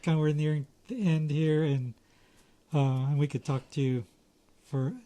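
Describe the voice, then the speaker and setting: A man's voice: fairly high pitch, little pitch movement, normal speed, mellow, slight background noise. A man co-hosting a podcast, asking questions in a hesitant, easygoing way with many fillers. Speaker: podcast co-host. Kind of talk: casual interview chat.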